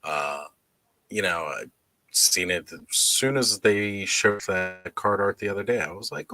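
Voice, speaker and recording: Man, co-host, very low pitch, bright edge, relaxed matter-of-fact delivery. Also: unhurried, a little hiss or hum. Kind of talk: casual chat.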